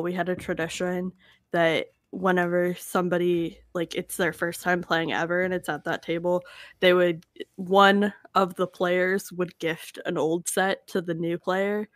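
A woman's voice: lowish voice, little pitch movement, unhurried, a bit bright, no room sound, clean studio sound. Rambling woman podcast co-host. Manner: rambling, hesitant, lots of fillers. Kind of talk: casual podcast chat.

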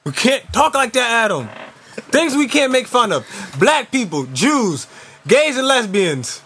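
High-voiced New man joking loudly. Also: big pitch swings, measured pace, slightly rough. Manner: loud, joking, repetitive, swears freely. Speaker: podcast co-host. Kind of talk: casual banter.

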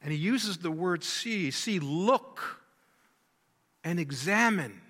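A man's voice: high voice, expressive, slow pace, a bit bright, big-room sound. A man preaching a sermon, emphatic, repeating key words and asking rhetorical questions.

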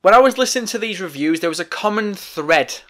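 A man's voice: sits high, animated, fairly quick, a bit bright. A man hosting a wrestling podcast, ranting in a heated, profane way. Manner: profane, angry, emphatic.

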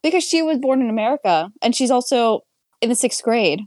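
A woman's voice: on the high side, animated, brisk, a little mellow, no echo, studio quality. Blunt, sarcastic young woman. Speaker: podcast co-host. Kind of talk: casual movie review chat.

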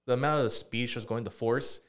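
A man's voice: mid-range voice, steady tone, fairly quick. A man co-hosting a podcast, telling a rambling story in casual chat with lots of fillers and swearing. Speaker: podcast co-host.

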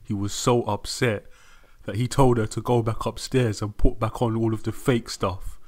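A man's voice: on the low side, fairly even intonation, normal speed, darkish tone. A man co-hosting, summing up the story with dry, mock-stern warnings. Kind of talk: casual commentary.

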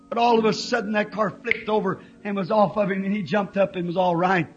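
A man preaching a fervent storytelling sermon, impassioned and rising toward shouts. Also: sits high, steady tone, brisk, few pauses, faint music behind. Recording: lo-fi 1950s sermon tape.

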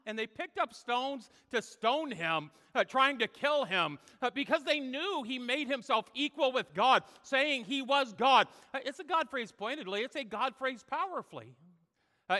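A man's voice: extremely high pitch, expressive, moderate pace, bright, forceful tone, big-room sound. A male pastor preaching a sermon in church, emphatic and full of "uh" fillers. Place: church sanctuary.

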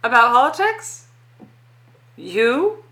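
A woman's voice: a little high, very animated, takes it slowly, bright, forceful tone, a little hiss or hum. A woman co-hosting a podcast from her dining room, opinionated and playfully argumentative, swearing freely in casual chat. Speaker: podcast co-host.

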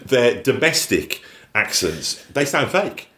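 A man's voice: mid-range voice, big pitch swings, slow, pushed and bright. A man co-hosting a podcast, chatting casually about a TV episode, rambling with lots of fillers and laughing often. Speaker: podcast co-host.

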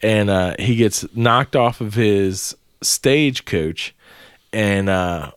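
A man's voice: on the low side, takes it slowly, clean tone, no echo, clean studio sound. A young adult man co-hosting a podcast, telling a rambling, profane story with frequent laughter in casual chat. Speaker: podcast co-host.

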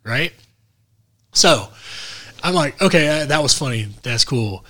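Bright-voiced man telling a rowdy story. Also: a little high, a little fast. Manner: animated, profane, acts out quoted voices. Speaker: podcast co-host. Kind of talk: casual comedic storytelling.

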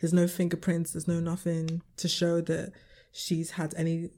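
A woman's voice: lowish voice, completely flat delivery, moderate pace, mellow. A young woman, co-hosting a casual chat podcast, swearing freely and laughing often. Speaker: podcast co-host.

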